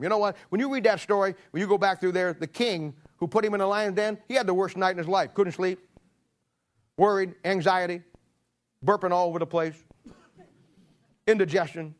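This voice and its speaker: A middle-aged man preaching a sermon, acting out a story with lively storytelling. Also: high-pitched, moderate pace, pauses often. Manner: animated storytelling, acting out scenes.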